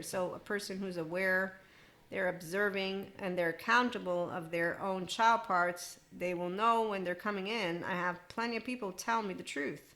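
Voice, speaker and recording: A woman's voice: mid-range voice, fairly even intonation, normal speed, fairly bright tone. A woman in her forties hosting a podcast, talking alone in a loose, irreverent self-help monologue with laughing asides. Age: 40s. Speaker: podcast host.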